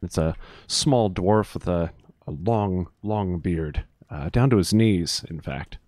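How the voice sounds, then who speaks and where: Deep-voiced game master, dry sound. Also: male voice, slow pace, a little mellow, no echo. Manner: hesitant, many fillers. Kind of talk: narrating a tabletop game.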